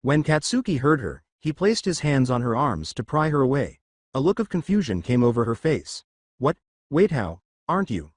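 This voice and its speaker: A man narrating a fan fiction story with an expressive reading. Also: medium pitch, moderate pace, no echo, studio quality.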